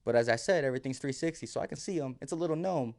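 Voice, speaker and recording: A man on a podcast telling a long personal story in a relaxed, vivid way, swearing and acting out the people in it. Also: mid-range voice, racing, vocal fry. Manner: vivid, swearing, re-enacts quotes. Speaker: podcast guest. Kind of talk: casual storytelling.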